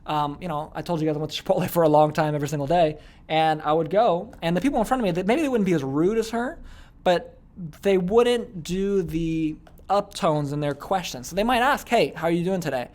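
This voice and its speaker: In a fairly high, darkish voice, a young sales coach talks a little fast through a casual online course. He's chatty, often repeating words and leaning heavily on "okay" and "like."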